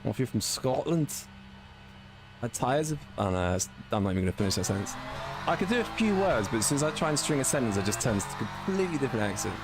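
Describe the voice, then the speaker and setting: Low-voiced chatty British man streaming. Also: very animated, very fast, music in the background. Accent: British English. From Britain. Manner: chatty, reads chat aloud and laughs easily. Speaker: sim racing streamer. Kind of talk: casual live-stream commentary.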